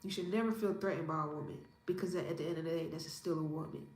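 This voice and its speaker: A woman in her thirties from Indiana, giving her opinions in a casual interview in a calm, measured, self-assured way. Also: sits low. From Indiana, USA. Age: 30s. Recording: roomy echo with faint ambience.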